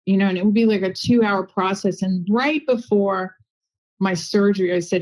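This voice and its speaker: A woman guest on a podcast, telling a personal story in a chatty, animated way with lots of asides. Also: medium pitch, a little slow, poor audio. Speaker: guest medium and intuitive healer. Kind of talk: casual interview storytelling.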